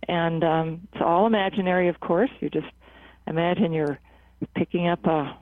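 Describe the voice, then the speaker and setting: A psychotherapist who leads a laughter club at a cancer center, answering interview questions in an earnest, measured way with frequent fillers and restarts. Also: medium pitch, steady tone, dry recording. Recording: tinny phone-like line, dry.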